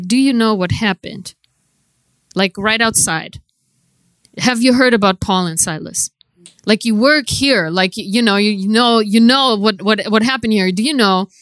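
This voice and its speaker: A woman preacher telling a testimony in a casual, filler-heavy way, moving between hushed storytelling and loud, impassioned preaching. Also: medium pitch, dry recording. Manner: conversational, many "like" fillers.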